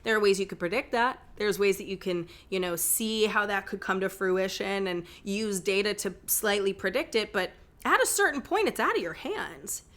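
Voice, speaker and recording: A woman's voice: mid-range voice, moderate pace, hardly any pauses. A woman in her thirties hosting a podcast, talking casually with lots of asides and playful quoted voices. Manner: chatty, animated, quotes herself and others in playful voices; frequent "like" and "okay?" asides. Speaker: podcast host. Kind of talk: casual monologue.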